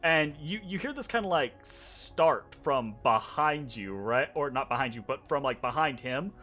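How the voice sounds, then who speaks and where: Halting man narrating as game master. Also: medium pitch, animated, sharp tone, faint music behind. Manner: halting, full of "like" and "um".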